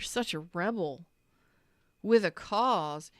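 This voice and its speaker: A woman's voice: on the low side, unhurried, a bit bright, clean tone, no room sound, clean studio sound. A woman giving a rambling, emphatic tarot reading, repeating herself for emphasis and swearing casually. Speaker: tarot reader. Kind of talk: spontaneous tarot reading monologue.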